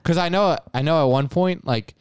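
Smooth-voiced young man, rambling chat. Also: fairly high pitch, normal speed, no echo, studio quality. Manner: rambling, profane, laughs often. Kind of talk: casual chat.

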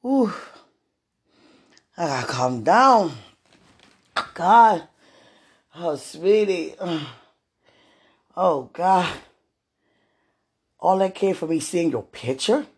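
A former minister in an emotional live chat, overwhelmed and distressed, murmuring prayers to calm down. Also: mid-range voice, extremely slow, long pauses. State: distressed, tense. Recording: noisy recording with clicks.

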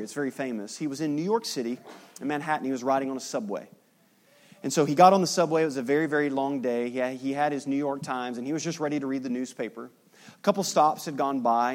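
A middle-aged pastor preaching a sermon, acting out the people he quotes. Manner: animated preaching, acting out quotes with big jumps in pitch.

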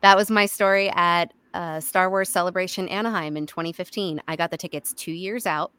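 Animated woman telling stories on a podcast. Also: on the low side, brisk, clean tone, no room sound. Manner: animated storyteller who acts out quoted lines. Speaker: podcast guest, voice actor. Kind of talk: casual podcast chat.

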